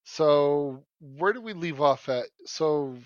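A man hosting a casual podcast over a voice call, relaxed and swearing freely. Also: fairly high pitch, takes it slowly, no room sound. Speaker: podcast host. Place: remote call over Discord. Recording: dry, dull lo-fi call audio.

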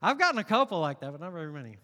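A man preaching a sermon, emphatic and challenging the congregation, swinging from loud declarations to quiet asides. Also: fairly high pitch, big pitch swings, very fast, in a large hall. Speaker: pastor.

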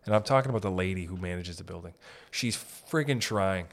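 Deep-voiced, with vocal fry and a fairly quick delivery, this man hosts a podcast from Northern Ontario, Canada. His comic storytelling chat runs on rambling, profane, animated anecdotes.

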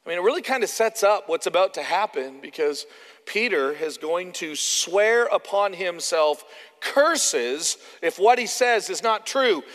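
A man with a Canadian accent preaching a conversational sermon, animated and often acting out the quotes he tells. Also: high voice, a little slow. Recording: long hall reverb.

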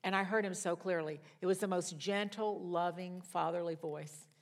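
An older woman teaching a Bible study through lively personal stories, her fairly low voice leaping up high and loud at the dramatic moments. She chats along with self-mocking asides. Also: moderate pace. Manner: animated, with sudden jumps in pitch and loudness.

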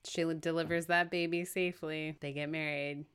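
Low smooth-voiced woman discussing a book. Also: little pitch movement, a little fast, a bit bright. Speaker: podcast co-host.

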